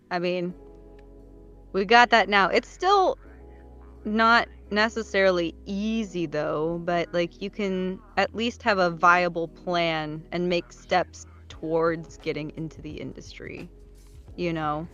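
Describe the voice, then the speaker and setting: A woman hosts a casual interview at a slow, unhurried pace. Her voice sits on the low side, and she chimes in often with gentle reactions. Faint music plays behind her. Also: highs cut off. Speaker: host.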